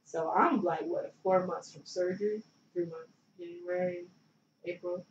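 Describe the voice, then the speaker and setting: Somewhat low and a little slow, with fairly even intonation, a young woman from Philadelphia, formerly a pro basketball player, loosely chats through her story as an interview guest, dropping plenty of likes and you knows. Because she's back from the mic in a roomy room, she comes across distant and echoey, with dull sound and faint underlying noise.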